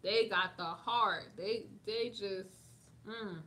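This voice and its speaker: Sassy, bright-voiced woman. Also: medium pitch, takes it slowly. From United States. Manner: sassy, animated, reads an article and comments on it. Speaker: vlogger reacting to news. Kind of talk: casual commentary reading news aloud.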